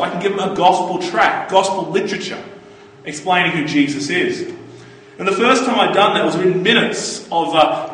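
Male preacher, high voice, earnest storyteller, distant mic in a reverberant hall. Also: fairly bright tone, a little hiss or hum. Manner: earnest, anecdotal, quotes others in brief voices. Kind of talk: sermon. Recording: echoey hall, voice from far off.

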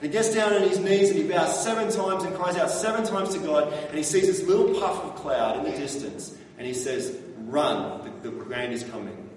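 A man's voice: high voice, slight background noise. A man preaching a sermon as pastor, talking in a conversational way and often asking the congregation questions. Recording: echoey hall from far off.

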